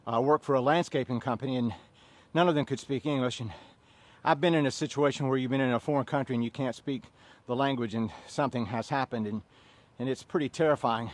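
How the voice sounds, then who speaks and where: A man in his fifties leading a workout class, chatting and joking between sets and counting reps in loud bursts. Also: medium pitch, a little fast, no echo. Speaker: fitness instructor.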